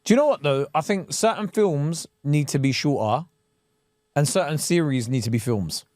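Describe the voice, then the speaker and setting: A man's voice: on the high side, animated, normal speed, a little mellow, no echo, studio quality. A man co-hosting a podcast in casual chat, blunt and teasing, matter-of-fact in his opinions. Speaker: podcast co-host.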